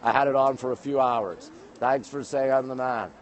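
A man's voice: mid-range voice, moderate pace. A Canadian man hosting a live phone stream outdoors, greeting viewers and reading their comments aloud in chatty bits. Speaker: livestream host. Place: outdoors on monument steps in a busy city. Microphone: phone held while streaming.

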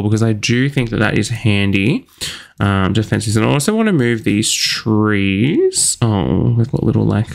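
A man's voice: medium pitch, vocal fry. A young man chatting casually in a bubbly, chatty, self-mocking way while he narrates his gameplay. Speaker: gaming channel host.

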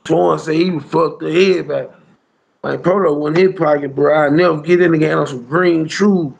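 A man's voice: fairly high pitch, steady tone, normal speed, creaky. A man telling a rambling street story in casual slang, with lots of "bro" and "you hear me" along the way. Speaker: storyteller guest.

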